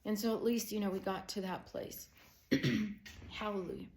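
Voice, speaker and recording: A middle-aged woman with a mid-range, darkish voice speaks steadily at a moderate pace. As a Christian counselor giving personal testimony, she tells a family story conversationally, growing emotional and using many fillers like "you know" and "um."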